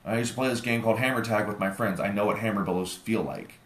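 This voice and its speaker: Loud, ranting man in an echoey room. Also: lowish voice, fast talker. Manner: ranting, profane, insistent. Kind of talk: heated argument with partner.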